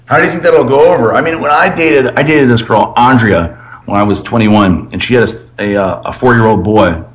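A man hosts a casual podcast conversation, asking questions and telling stories. He is animated and swears freely. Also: medium pitch, brisk. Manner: animated storyteller, acts out voices, swears freely. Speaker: podcast host.

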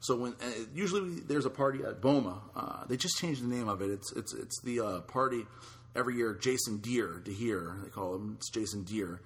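A man's voice: fairly low pitch, fairly quick. A man hosting a podcast in casual chat, talking in a loose, blunt way with casual swearing. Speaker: podcast host.

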